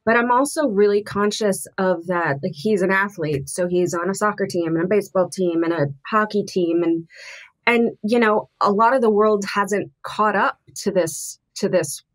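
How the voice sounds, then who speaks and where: A middle-aged woman, a podcast guest, talking candidly and thoughtfully with frequent restarts. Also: mid-range voice. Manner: earnest, thoughtful, halting with restarts.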